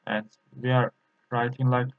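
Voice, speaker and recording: A man with a Turkish accent, a native Turkish speaker, teaching a lesson in a halting way, pausing often and repeating practice syllables. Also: medium pitch, level tone. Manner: halting, with frequent filler pauses and repeated drill syllables. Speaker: language teacher. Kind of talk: explaining a lesson. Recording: tinny, phone-like lo-fi sound.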